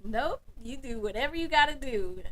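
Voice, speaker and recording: A woman's voice: high voice, animated, normal speed, a bit bright. A woman hosting a livestream, chatting casually with viewers, thanking them by name and laughing often. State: emotional, close to tears. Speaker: livestream host. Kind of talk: casual live chat with viewers.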